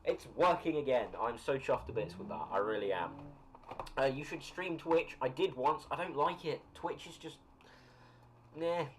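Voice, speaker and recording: A man's voice: mid-range voice, moderate pace. A young British man chatting casually on a live stream while gaming, rambling as he reads and answers chat comments. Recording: noisy home recording.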